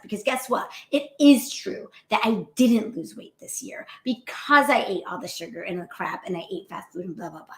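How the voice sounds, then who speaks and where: A woman's voice: fairly high pitch, moderate pace, few pauses, echoey room. A woman physician hosting a casual motivational talk, acting out harsh inner voices and often checking in with "right?". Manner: animated, acts out self-critical inner voices, often adds "right?".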